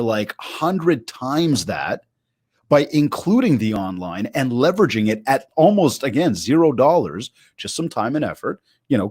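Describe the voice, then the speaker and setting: A man's voice: medium pitch, husky, dry recording, studio quality. A man on a video call, telling stories with energy and acting out the quotes in his anecdotes. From Canada. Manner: animated storyteller, acts out quotes. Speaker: keynote speaker guest. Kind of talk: casual interview chat.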